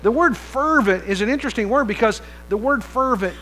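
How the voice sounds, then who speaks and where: Pastor, male, very high voice, sharp and tense tone; chatty sermon delivery with rhetorical questions and jokes. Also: expressive, a little fast, slight background noise, low-quality recording. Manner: conversational preaching with rhetorical questions; playful asides and humor.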